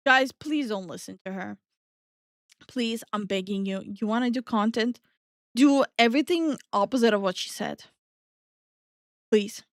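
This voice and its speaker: A woman co-hosts a casual reaction stream, ranting with exasperated energy. Her voice sits fairly high. It is recorded dry and close on a desk mic. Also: a little slow, pauses often, no room sound. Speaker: VTuber co-host.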